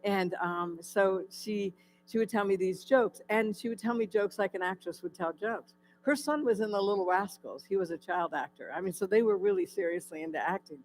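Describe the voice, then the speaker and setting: A woman's voice: mid-range voice, normal speed, slight background noise, rough recording. A woman from California giving a personal testimony to a church audience, telling her story with many fillers and asking the audience questions. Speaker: guest speaker. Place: church hall.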